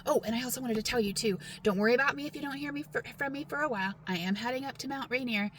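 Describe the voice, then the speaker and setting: A woman's voice: on the high side, racing, fairly bright tone, slight background noise. A middle-aged woman from Texas with a mostly neutral American accent and a light Southern twang, chatting to camera in a self-deprecating way. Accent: mostly neutral American, light Southern Texas twang at times. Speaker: vlogger. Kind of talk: casual talk to camera.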